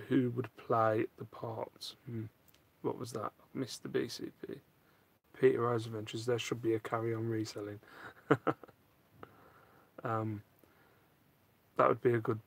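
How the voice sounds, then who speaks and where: A man's voice: mid-range voice, dry recording. A man casually chatting from his home loft, reading viewer questions aloud and answering with self-mocking jokes. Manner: jokey, self-mocking, reads out comments. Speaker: live stream host answering viewer questions. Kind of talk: casual chat.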